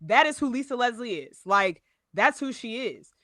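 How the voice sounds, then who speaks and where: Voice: mid-range voice, lively intonation, normal speed, pushed and bright, dry recording, studio quality. A podcast co-host talking in a blunt, exasperated way in casual chat and announcing a contest. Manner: blunt, exasperated, says bro.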